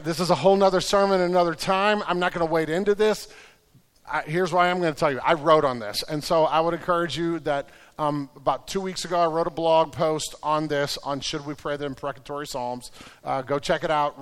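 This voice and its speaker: A man preaching a sermon as the pastor, earnest and shifting between quiet reflection and loud, urgent prayer. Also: fairly high pitch, smooth. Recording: long hall reverb.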